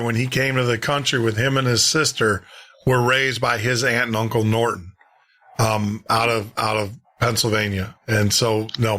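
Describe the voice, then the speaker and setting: Man, podcast roundtable panelist, blunt and folksy, bright forceful voice, mid-pitched. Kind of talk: casual roundtable chat. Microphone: podcast microphone.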